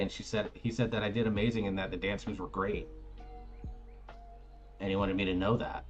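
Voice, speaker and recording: Streamer dad, 30s, low voice, chatty and rambling, faint music bed. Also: male voice, fairly quick, highs cut off. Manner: rambling, animated anecdote with many fillers. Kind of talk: casual storytelling.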